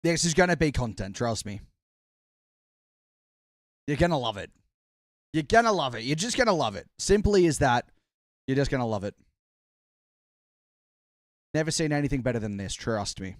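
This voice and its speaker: A man hosting a live watch-party stream, chatting casually with his viewers while fiddling with setup, his voice worn out and hoarse. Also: medium pitch, very animated, moderate pace, pauses often, no room sound, clean studio sound.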